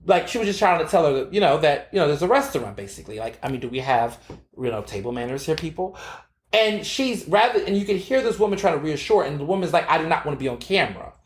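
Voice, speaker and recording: A man hosting his own podcast, telling a story and giving his opinions in a sassy, animated way, full of fillers and swearing. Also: fairly high pitch, fast talker, reverberant. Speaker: podcast host. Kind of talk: casual opinion monologue.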